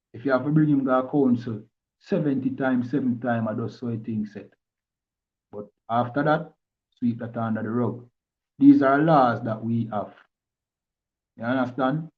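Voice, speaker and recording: A man with a Jamaican accent teaching from scripture in a preachy way, often stopping to ask if listeners understand. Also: medium pitch. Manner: preachy, keeps asking "you understand?". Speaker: religious teacher. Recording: tinny phone-like line.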